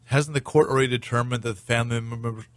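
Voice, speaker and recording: A man's voice: medium pitch, fairly even intonation, fast, fairly bright tone, dry recording. Joking man hosting a radio talk show. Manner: joking, chatty, playful asides.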